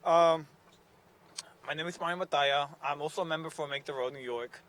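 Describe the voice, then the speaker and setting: Halting, emotional young man at a rally. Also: on the high side, fairly bright tone. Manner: halting, emotional, switches between English and Spanish. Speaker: rally speaker, named plaintiff. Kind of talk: emotional public speech. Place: outdoor rally outside a courthouse.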